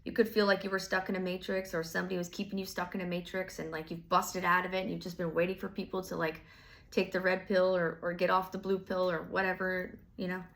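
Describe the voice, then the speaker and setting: Gravelly woman rambling through a tarot reading. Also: lowish voice, flat delivery, fast talker, fairly bright tone. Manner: rambling, filler-heavy, casual swearing. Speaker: tarot reader. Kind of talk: casual tarot reading monologue.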